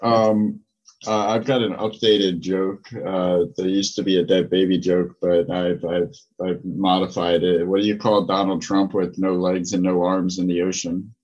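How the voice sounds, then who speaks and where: A man co-hosting a podcast, casual and laid-back, asking halting questions and cracking dry jokes. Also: low voice, flat delivery, darkish tone, muffled recording. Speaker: podcast co-host. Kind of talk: casual interview chat.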